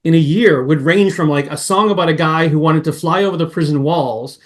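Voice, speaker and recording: A man who grew up in Massachusetts, a podcast guest chatting casually and jumping between memories with excited asides. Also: on the high side, a little fast. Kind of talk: casual chat.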